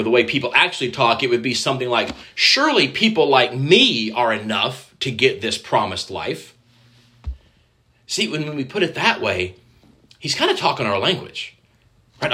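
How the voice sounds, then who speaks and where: A man's voice: medium pitch, bright, forceful tone. A man preaching a conversational sermon, speaking directly to the children in the congregation and acting out quoted voices. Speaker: pastor.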